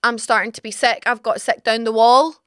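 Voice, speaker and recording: Young Scottish woman, podcast host, lively and frank teller, slightly high, very dry close studio mic. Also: a little fast, smooth, no echo. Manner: animated, dramatic, swearing, frank. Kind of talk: casual storytelling.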